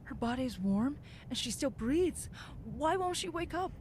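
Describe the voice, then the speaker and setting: An actress playing a gentle, earnest female Lemurian student in a game, speaking softly with a wondering tone. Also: high-pitched, sing-song, measured pace, slight background noise. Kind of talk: game voice acting.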